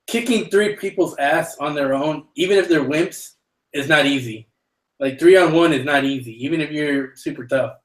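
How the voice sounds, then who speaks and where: Male podcast host, slightly high, echoey room sound, playful moderator. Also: normal speed. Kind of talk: casual podcast discussion.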